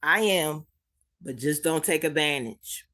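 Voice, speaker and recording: A woman's voice: low-pitched, a little slow, fairly bright tone. A woman hosting a live chat, speaking tenderly and calling people sweetie and baby, holding back tears as she repeats herself. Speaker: livestream host reading chat.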